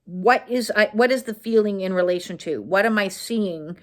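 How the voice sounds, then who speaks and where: A woman's voice: mid-range voice, moderate pace. A woman trauma-healing coach giving a casual self-help talk, earnest and direct, often checking in with "okay?" and talking through her inner dialogue. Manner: talks through inner dialogue, frequent "uh" fillers.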